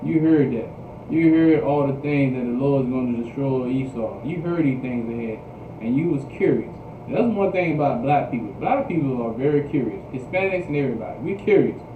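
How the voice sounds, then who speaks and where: A man's voice: medium pitch, lively intonation, a little fast, recorded from a distance. A man teaching a scripture class as a preacher, repeating himself and checking in with the class as they answer back. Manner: repetitive, call-and-response, says "you understand?" often. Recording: echoey phone-like livestream audio with noise.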